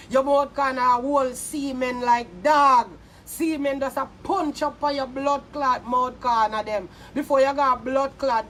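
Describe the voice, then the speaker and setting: A Jamaican woman vlogger with a high-pitched voice rants straight to the camera, mocking and cursing in heated bursts. A faint hum of background noise sits under her. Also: a bit bright. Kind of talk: angry insult rant to camera.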